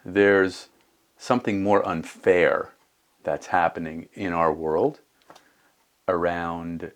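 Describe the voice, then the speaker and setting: A man's voice: sits low, fairly even intonation, takes it slowly. A man in his fifties talking earnestly in a casual conversation, thinking aloud and restarting his sentences. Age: 50s.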